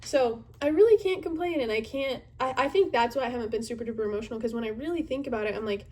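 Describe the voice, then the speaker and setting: A woman in her twenties talks casually to camera about her life, earnest and reflective, often reaching for words with fillers along the way. Her voice sits a little higher than most women's. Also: fast, hardly any pauses, a little mellow. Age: 20s. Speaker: youth group leader.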